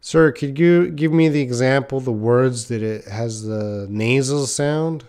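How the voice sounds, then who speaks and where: A slightly mellow man with a mid-range voice teaches English live at a measured pace. Reading viewers' questions and names aloud, he thinks out loud, leaning on frequent "uh" fillers.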